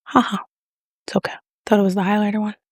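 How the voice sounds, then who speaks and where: A woman's voice: mid-range voice, level tone, fast talker, slightly rough, no echo, studio quality. A woman chatting casually to camera while doing her makeup, talking through a product review with a self-mocking, playful manner. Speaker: beauty vlogger.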